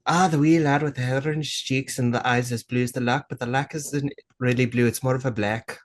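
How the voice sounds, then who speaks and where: A man putting on a hammy Scottish voice, folksy and playful, clearly not his own accent. The delivery leans into quaint phrasing and stays in a middle-pitched range. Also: steady tone, fairly quick, lightly acted. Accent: Scottish, put on.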